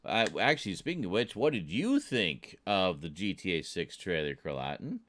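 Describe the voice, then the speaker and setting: A man's voice: low voice, big pitch swings, moderate pace, fairly bright tone. A British man streaming, chatting casually with his chat and joking, often chuckling at his own jokes. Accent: British English. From Britain.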